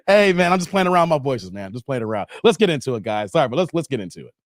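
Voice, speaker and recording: A man in his forties hosting a casual livestream, animated and joking, calling out viewers by name and playing with his voice. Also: mid-range voice, rapid-fire, few pauses. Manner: animated, joking, calls out chat names, playful voice changes. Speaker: livestream host. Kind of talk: casual live-stream chat.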